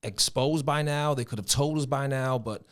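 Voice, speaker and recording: A man putting on a general American accent, musing and hedging in a higher voice than his own. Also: lightly acted. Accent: general American, put on. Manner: higher-pitched and halting, hedging.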